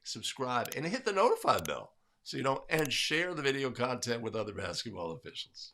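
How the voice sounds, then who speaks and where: A man's voice: mid-range voice, sing-song, brisk, sharp tone, slight background noise. A man hosting a livestream in casual chat, upbeat and greeting viewers by name. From California. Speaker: livestream host.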